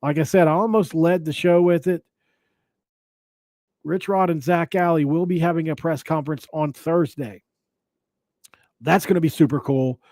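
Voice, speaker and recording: A man's voice: a little high, fairly even intonation, normal speed, long pauses, darkish tone, no room sound. Rambling male sports podcast host. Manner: rambling, restarts, jokey asides. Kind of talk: casual sports podcast commentary.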